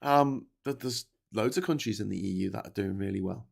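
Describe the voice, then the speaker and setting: A man's voice: fairly low pitch, a little fast, creaky. Man with a posh Scouse accent, rambling and sweary. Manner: rambling, sweary, stop-start with many restarts; reads and answers live chat messages. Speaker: political livestream host. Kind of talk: casual live-stream commentary.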